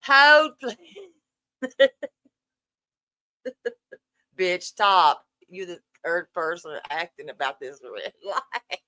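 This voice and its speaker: Speaking slowly in a lowish, sharp-toned voice, captured dry, a woman runs a laid-back live stream from a dark room in her home. Her greetings to viewers are playful, sassy and full of profanity.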